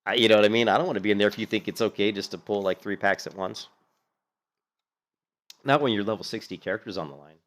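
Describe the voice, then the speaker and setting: A man giving casual, rambling gaming commentary, animated, with lots of fillers and some swearing. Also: on the low side, fast, pauses often. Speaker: gaming streamer commentating on a hardcore game run.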